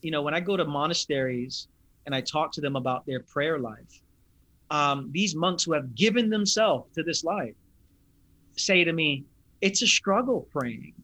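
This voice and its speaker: A man, a pastor, talking in an interview in an earnest, thoughtful, unhurried way. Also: on the high side, a bit bright, dry recording. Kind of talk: reflective interview talk.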